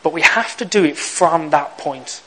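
A man's voice: fairly high pitch, measured pace, fairly bright tone, rough recording. A young man preaching a sermon, telling stories with humor and acting out little exchanges. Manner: humorous storytelling, acts out lines.

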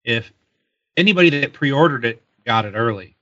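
A man's voice: mid-range voice, lively intonation, normal speed, pushed and bright, highs cut off. A man co-hosting a casual podcast, chatty and hesitant with ums. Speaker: podcast co-host. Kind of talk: casual chat.

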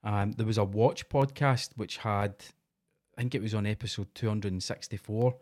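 A man's voice: on the low side, moderate pace, a little mellow. A Scottish man co-hosting a casual podcast, bantering and swearing freely. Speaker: podcast co-host.

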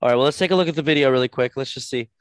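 A man co-hosting a casual podcast, playing a deadpan straight interviewer. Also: mid-range voice, racing, dry recording, clean studio sound. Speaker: podcast co-host.

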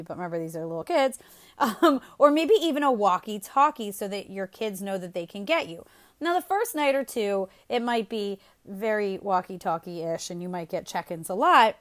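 A woman hosting a casual parenting advice show, chatty and upbeat, often laughing as she talks. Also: mid-range voice. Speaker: host.

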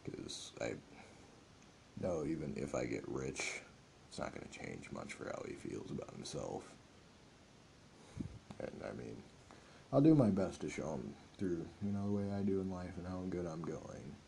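Very deep gravelly young man, earnest. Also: very animated, measured pace, pauses often, warm tone, a little hiss or hum. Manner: earnest, rambling, heavy filler words. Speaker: podcast host. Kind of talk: reflective solo podcast monologue.

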